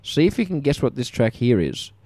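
A man's voice: medium pitch, sing-song, brisk, warm tone, dry recording. A man co-hosting a comedy podcast, joking and playing mock-bewildered. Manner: cheery, jokey, mock-bewildered. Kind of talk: playful banter.

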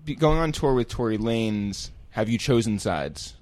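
A man's voice: mid-range voice, animated, moderate pace, a little mellow, dry recording. A male podcast co-host with a mid-range voice tells chatty, self-mocking stories. He sounds dry and close to the mic. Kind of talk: casual interview chat.

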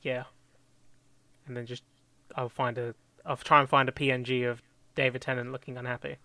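A young man in casual chat, planning a script out loud, rambling and correcting himself as he goes. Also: mid-range voice, flat delivery, normal speed, no echo. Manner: rambling, self-correcting, laughs often. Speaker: fan script co-writer.

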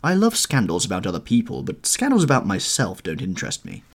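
A man voicing a languid, petulant young gentleman in an audiobook, airy in manner with sudden high lilts. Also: wildly swooping pitch, a little fast, creaky, breathy edge, heavily acted. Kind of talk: audiobook character reading.

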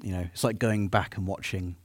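A man's voice: sits low, fairly even intonation, a little fast, no echo. A man co-hosting a live podcast, chatting enthusiastically about old games. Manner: enthusiastic, rambling. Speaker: podcast co-host. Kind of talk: live podcast chat on stage. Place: stage before a live audience.

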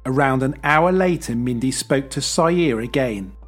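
Husky-voiced man narrating. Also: medium pitch, measured pace, soft background music. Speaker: podcast host. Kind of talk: scripted narration.

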